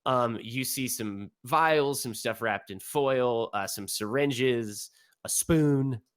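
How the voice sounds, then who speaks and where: A man's voice: mid-range voice, takes it slowly, fairly bright tone. A man narrating a tabletop game as game master, rambling with many fillers.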